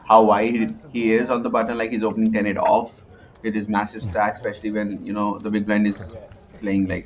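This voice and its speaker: A man's voice: lowish voice, a little hiss or hum. A man with an Indian accent giving chatty, analytical live poker commentary, often restarting his sentences. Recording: muffled lo-fi sound.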